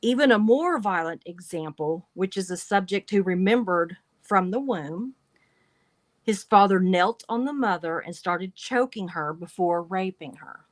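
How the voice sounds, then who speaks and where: Slow, wry woman reading aloud. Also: medium pitch, expressive, no room sound. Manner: deliberate, wry asides between read passages. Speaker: livestream show host.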